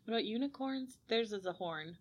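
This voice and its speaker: A woman's voice: a little high, animated, a little fast. A woman hosting a podcast, asking questions in casual chat and laughing often. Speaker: podcast host.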